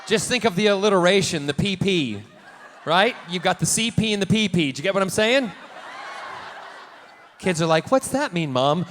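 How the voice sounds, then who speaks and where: A man in his forties, a celebrity guest at a convention panel, telling bawdy, campy anecdotes to the crowd with energetic restarts and playful jokes. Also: high-pitched, moderate pace, pauses often. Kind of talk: live convention Q&A storytelling. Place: large convention hall panel room. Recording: echoey hall with faint noise.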